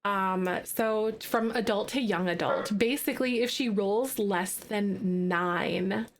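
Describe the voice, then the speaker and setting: Woman, gaming streamer, live gameplay commentary, chatty, lots of fillers, slow pace. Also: mid-range voice. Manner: chatty, filler-heavy, talks to viewers.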